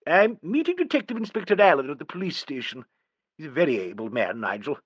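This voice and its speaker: A man voicing a dry, fussy older English gentleman in an audiobook, speaking in a brisk, clipped, well-spoken manner. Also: on the high side, sing-song, slightly rough, no room sound, voice pushed up. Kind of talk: audiobook character reading.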